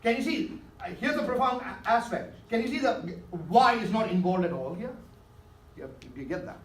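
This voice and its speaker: High-voiced male teacher in an echoey classroom. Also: animated, moderate pace. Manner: coaxing, keeps checking understanding. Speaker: math teacher. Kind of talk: classroom lecture with questions to students. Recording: echoey classroom from far off, faint hiss.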